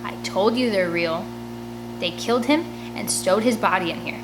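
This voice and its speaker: A woman's voice: mid-range voice, normal speed, over music, close to an everyday voice, low-quality recording. Brief: anxious jumpy boy, as a woman reader puts him on, worried and insistent, storybook read-aloud.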